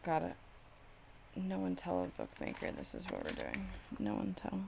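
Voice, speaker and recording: A woman's voice: extremely low pitch, huge pitch swings, moderate pace, creaky, background noise. A woman chatting casually on a live stream while crafting in her home studio, exasperated and self-mocking, swearing freely.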